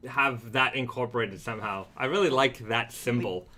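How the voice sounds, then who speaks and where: Bright-voiced man hosting a casual live stream. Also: medium pitch, normal speed. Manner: relaxed, reads viewer comments aloud with many fillers. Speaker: host of a brand's weekly live stream.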